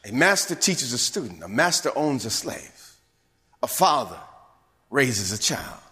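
A man preaching a sermon as bishop and pastor, swinging from hushed whispers to emphatic shouts. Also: mid-range voice, very animated, unhurried, in a large hall. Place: church sanctuary.

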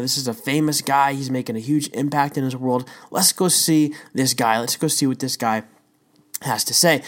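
A devotional teacher giving a casual talk, telling a story with emphatic rhetorical questions and chatty asides. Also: medium pitch. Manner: conversational, says "dude" and "right?".

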